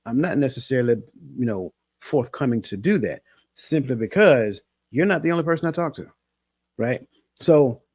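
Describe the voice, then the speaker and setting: A man who coaches, talking in a measured, emphatic way in a casual discussion and often repeating his words. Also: mid-range voice, a little mellow, dry recording, studio quality.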